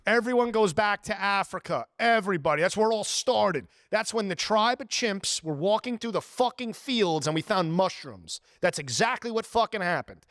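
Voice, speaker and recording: A man's voice: sits high, moderate pace, hardly any pauses, no echo, clean studio sound. A man in his twenties hosting a podcast, ranting profanely and acting out little quoted scenes. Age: 20s. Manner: profane, animated storytelling with put-on quotes. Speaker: podcast host. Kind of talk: casual podcast rant.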